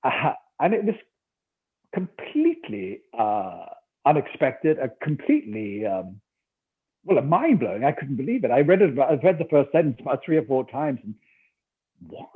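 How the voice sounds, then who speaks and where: An older actor and audiobook narrator from Newcastle, England, with a Geordie accent, tells a story during a remote interview over tinny call audio. His mid-range voice is sing-song with a breathy edge at a moderate pace, and he acts out quotes and laughs often.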